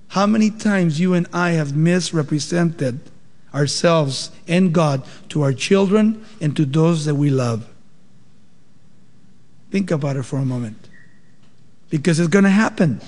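High-voiced male pastor preaching. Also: measured pace, long pauses, darkish tone, long reverb tail. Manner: expository preaching with rhetorical questions. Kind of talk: sermon.

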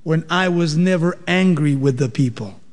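A man's voice: on the high side, normal speed, big-room sound, lightly acted. A man voicing God as a patient male deity who questions and corrects, with conversational, pointed rhetorical questions. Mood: patient rebuke.

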